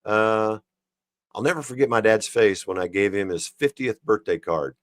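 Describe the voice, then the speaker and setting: Low-voiced man reading jokes, dry sound. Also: expressive, normal speed, no echo. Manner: reads jokes then chuckles and comments on them. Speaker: livestream host. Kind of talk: reading jokes aloud on a livestream.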